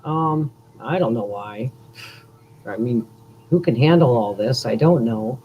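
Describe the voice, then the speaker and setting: A woman being interviewed in casual chat, self-deprecating and quick to laugh. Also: rumbling low, expressive, muffled recording, a little hiss or hum. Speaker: guest.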